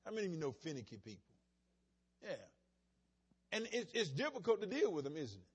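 A man's voice: sits high, big pitch swings, fairly quick, breathy edge. A male pastor preaching a sermon in a folksy, emphatic way, mixing plain storytelling with bursts of insistence.

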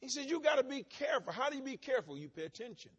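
A man's voice: extremely high pitch, sing-song, rapid-fire, husky, highs cut off. A male pastor preaching a sermon in a folksy, emphatic way, mixing plain storytelling with bursts of insistence.

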